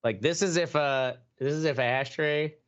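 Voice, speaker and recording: A man's voice: on the high side, normal speed, clean tone, highs cut off. A young man from Wisconsin, a podcast co-host, rambling through a story with lots of fillers and swearing. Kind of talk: casual podcast banter.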